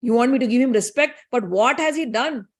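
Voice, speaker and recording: A woman's voice: on the high side, brisk, lightly acted. A woman voicing a proud, angry father-king who scorns his son-in-law. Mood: scornful. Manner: indignant, scornful.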